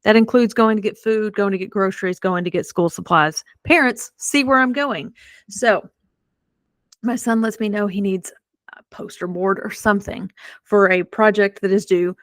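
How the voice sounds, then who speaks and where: A middle-aged woman hosting a podcast, telling a personal story in a chatty, animated way with self-deprecating humor. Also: mid-range voice, normal speed, dry recording, clean studio sound. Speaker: podcast host. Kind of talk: casual storytelling.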